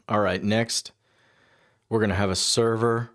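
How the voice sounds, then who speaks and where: A man's voice: fairly low pitch, fairly even intonation, a little slow, pauses often, fairly bright tone. A man streaming his coding work, thinking aloud in a casual, musing way, often muttering half-finished asides to himself. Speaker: developer livestreaming his coding.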